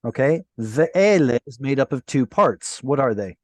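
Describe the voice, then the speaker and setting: A man teaching a Hebrew class over a video call, explaining patiently and sounding out Hebrew words slowly. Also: medium pitch, lively intonation, dry recording.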